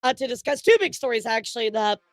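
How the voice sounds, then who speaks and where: A woman's voice: a little high, animated, fast, no echo. A woman hosting a casual livestream news show, chatty and teasing, often breaking into laughter. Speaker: streamer and news host.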